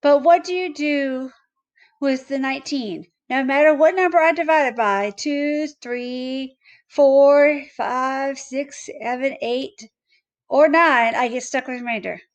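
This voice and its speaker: A woman's voice: sits high, slow pace. A woman voicing a stubborn, impatient young boy who grumbles and talks back. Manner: grumbling, defiant.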